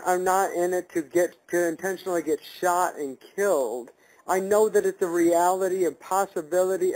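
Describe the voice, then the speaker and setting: A man on a call to a live stream, ranting with heat and tripping over his own words as he repeats himself. His voice sits a little high for a man. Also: darkish tone, low-quality recording. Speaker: caller, auditor. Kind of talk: angry phone call.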